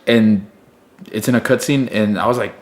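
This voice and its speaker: A young man co-hosting a podcast in casual, excitable chat, peppering his talk with "dude.". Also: lowish voice, moderate pace. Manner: excitable, says "dude" constantly. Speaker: podcast co-host.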